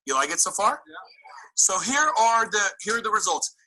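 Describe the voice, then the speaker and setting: A man giving a motivational talk to real estate agents, acting out little exchanges and throwing in sudden incredulous jumps in tone. His voice is very bright and a bit husky. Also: high voice, normal speed, rough recording. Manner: animated, incredulous, acts out quotes.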